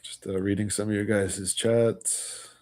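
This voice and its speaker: A man's voice: on the low side, flat delivery, unhurried, darkish tone. A man hosting a livestream, talking in a casual, rambling way, filling his talk with "you know" and "like" and chuckling between points. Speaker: livestream host.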